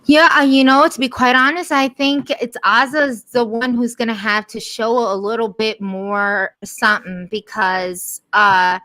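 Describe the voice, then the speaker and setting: A woman's voice: fairly high pitch, steady tone, unhurried, few pauses, sharp tone, no echo. A woman co-hosting a casual chat, talkative with many fillers and easy laughter. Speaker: co-host.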